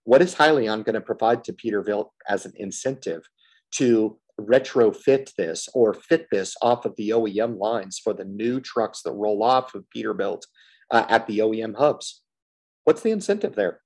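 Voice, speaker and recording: A fed-up man ranting alone into the mic as an independent stock commentator. His voice sits on the low side, and he talks bluntly, swears casually and hammers the same points over and over. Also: expressive, moderate pace, a little mellow, husky. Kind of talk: frustrated solo rant.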